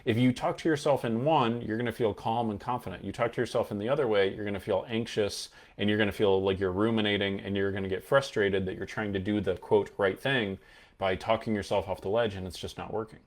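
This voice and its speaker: An earnest male mental health coach teaches in a fairly low voice. He leans hard on his key points and now and then shows a tone of voice to make them clear. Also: steady tone, brisk. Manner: earnest, emphatic, demonstrates tones of voice while teaching. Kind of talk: explanatory coaching talk to camera.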